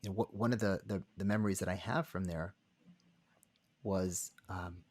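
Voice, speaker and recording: A man, a rabbi and counselor, telling a personal story as a podcast guest in an earnest, halting way. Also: deep voice, steady tone. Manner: earnest, halting, many restarts. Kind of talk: conversational storytelling.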